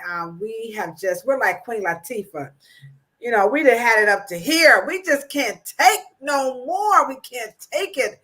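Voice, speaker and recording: A woman hosting a casual livestream chat, animated and playful, laughing often. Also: fairly high pitch. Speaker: host.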